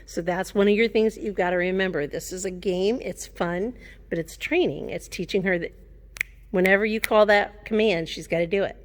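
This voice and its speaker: A woman's voice: mid-range voice, fairly even intonation, normal speed. A woman explaining dog training to a class in a plain, matter-of-fact way. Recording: reverberant hall.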